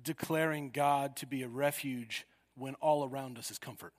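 A man preaching a sermon, telling a story with sudden loud cries. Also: mid-range voice, steady tone, normal speed, big-room sound.

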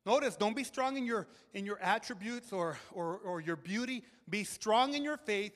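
A male pastor preaching a sermon to a live congregation, emphatic and animated, often repeating words as he builds a point. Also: high voice, moderate pace, hardly any pauses. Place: church hall with audience. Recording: long reverb of a large hall.

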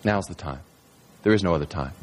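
A stern male angel, as a preacher voices him, speaks low, calm and firm. He states plainly what must be done, with no give. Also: a little fast.

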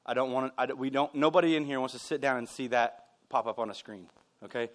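A man's voice: medium pitch, quick pace. A man preaching a conversational sermon, telling stories and making asides as a pastor. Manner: conversational, animated storytelling with asides.

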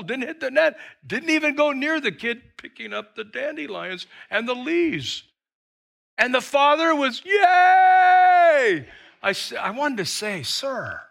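An older man delivers a sermon in a high, bright voice at an unhurried pace. He tells stories with humor and swings from loud, shouted lines to soft, hushed ones. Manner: dynamic preaching, shouting quoted lines then dropping to a hush; storytelling with humor. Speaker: pastor.

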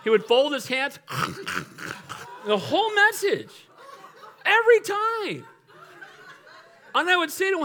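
A man's voice: very high voice, huge pitch swings, slow pace, long pauses, pushed and bright. A middle-aged male pastor preaching a sermon in a conversational, humorous way, often laughing and asking for an amen.

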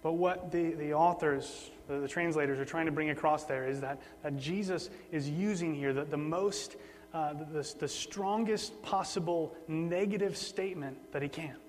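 A man gives a sermon in a fairly high voice, talking plainly and repeating words to drive a point home. His voice rings out with a long hall reverb, and a faint mains hum sits underneath. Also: moderate pace. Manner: conversational, repeats words for emphasis. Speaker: preacher.

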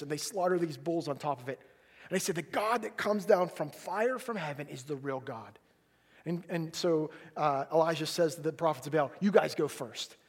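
Male preacher, high voice, animated delivery that drops to near-whispers, talks to the crowd directly. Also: slightly rough. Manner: animated, swings between loud emphasis and hushed quiet lines; conversational, asks the audience questions. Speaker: pastor. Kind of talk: sermon.

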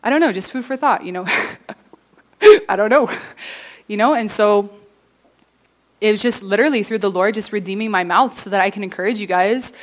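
A woman's voice: medium pitch, moderate pace, long pauses. A young woman giving a casual, earnest youth sermon, full of fillers like "like" and "you know", ending in prayer. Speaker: youth speaker.

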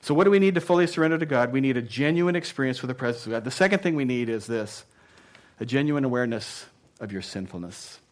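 A man preaching a sermon as pastor, speaking conversationally and punching key words loudly before dropping to a hush. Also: mid-range voice, lively intonation, quick pace. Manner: emphatic, swinging between punchy loud lines and hushed asides; conversational, with frequent "you know".

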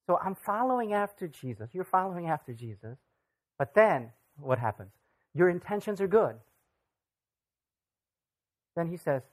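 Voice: mid-range voice, moderate pace, long pauses. A preacher giving a sermon in a conversational way, often putting direct questions to the listeners. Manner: lively, asks the audience direct questions; conversational, acts out scripture voices.

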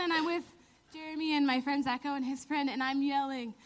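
A woman in her thirties giving a lively storytelling sermon, laughing often and acting out the lines she quotes. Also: high voice, a little fast, background noise. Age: 30s. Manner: animated, laughing storyteller who acts out quotes. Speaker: church speaker.

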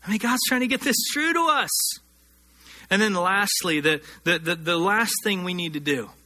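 A preaching man with a high, very bright and forceful voice. He delivers his sermon earnestly, slowing down and lifting his pitch to drive home each scripture. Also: lively intonation. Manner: earnest preaching, slows and rises to stress scripture. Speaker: pastor.

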